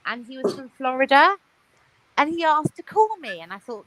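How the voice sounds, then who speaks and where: A woman's voice: high-pitched, very animated, moderate pace, fairly bright tone, dry recording, poor audio. A woman in a casual group chat, telling a story with frequent laughter.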